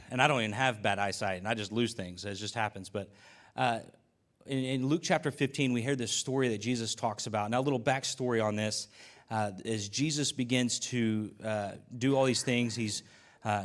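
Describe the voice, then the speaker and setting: A man preaching a conversational sermon as pastor, telling stories in a casual, folksy way with asides and acted-out dialogue. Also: mid-range voice. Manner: uses y'all and folksy speech.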